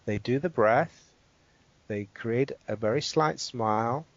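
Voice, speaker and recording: Measured, explanatory man in dull dry audio. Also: medium pitch, no room sound. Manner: measured and explanatory, checks in with "right?". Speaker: guest expert. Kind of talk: explaining a guided exercise.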